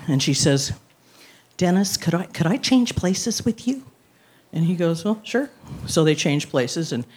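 A woman's voice: deep voice, slightly rough. A woman in her sixties tells a personal story on stage before an audience, wry and self-mocking, laughing through her lines.

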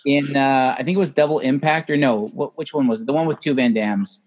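A man co-hosting a casual film podcast, retelling scenes in an animated way and acting out the lines. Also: mid-range voice, fairly quick. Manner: animated storyteller who acts out lines. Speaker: podcast co-host. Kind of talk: casual chat about a film.

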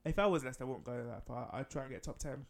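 A man's voice: mid-range voice, very fast, creaky. A man co-hosting a casual football podcast, easygoing and analytical. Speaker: podcast co-host.

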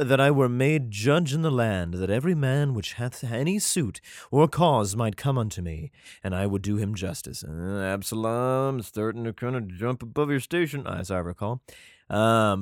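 A man's voice: mid-range voice, dry recording, clean studio sound. A man reading old scripture aloud at home, breaking off into irreverent, heavily profane joking commentary.

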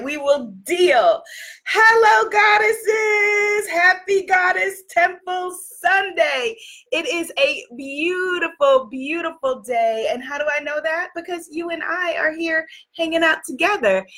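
A high-pitched woman with a bright, sparkling voice hosts a spiritual livestream from a makeshift home studio. She is in her forties and talks effusively, greeting viewers by name and building toward inspirational encouragement. She is picked up through a phone or computer camera mic. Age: 40s. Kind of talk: casual livestream talk.

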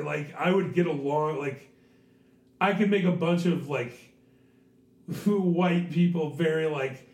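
A hoarse man with a craggy, sore throat hosts a podcast, swearing and telling stories in a casual chat. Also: on the high side, slow pace. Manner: animated, swearing, storytelling. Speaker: podcast host and teacher. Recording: echoey room, distant mic.

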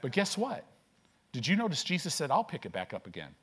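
Energetic higher-voiced man preaching. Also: slightly rough. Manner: energetic preaching with quick bursts and rhetorical questions; call-and-response with the congregation. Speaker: pastor. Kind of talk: sermon. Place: church.

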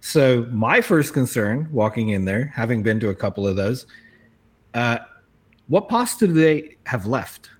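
A man, in his thirties, chatting on a podcast in a loose and rambling way. He swears casually between stories, in a voice of middling pitch. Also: animated, unhurried, slightly rough. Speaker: podcast co-host.

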